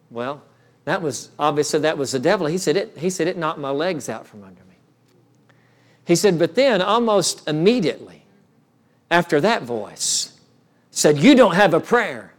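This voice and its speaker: A male pastor telling a story in a sermon, with frequent restarts that build in intensity. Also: on the high side. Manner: storytelling, many restarts, rises in intensity when recounting.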